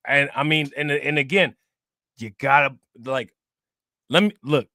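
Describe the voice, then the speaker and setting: A man's voice: medium pitch, a little slow, long pauses, bright, forceful tone, no room sound, clean studio sound. A man hosting a crypto livestream in casual chat, joking, laughing and slangy. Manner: joking, laughing, slangy, repeats "you know what I'm saying".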